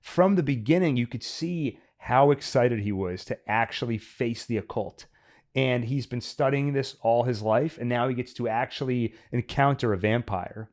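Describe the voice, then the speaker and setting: A man's voice: mid-range voice, darkish tone. Earnest, analytical male podcast host. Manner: analytical, earnest, thinking aloud. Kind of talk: casual chat, film review.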